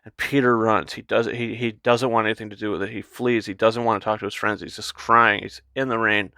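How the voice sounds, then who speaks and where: A man talks through a film review in an eager, rambling way, stumbling over his words and acting out lines from the film. His voice is bright and gravelly, and the sound is dry and close, with no room around it. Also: fairly low pitch, a little fast, no room sound. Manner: excited, rambling, many restarts and quoted paraphrases. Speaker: movie reviewer. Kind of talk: casual spoiler review monologue.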